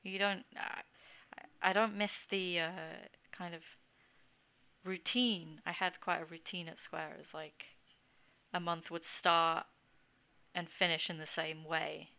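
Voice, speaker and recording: A woman's voice: fairly low pitch, little pitch movement, slow, vocal fry, sharp tone. A woman guest on a casual podcast, chatting about her work as a game producer, self-mocking and laughing often.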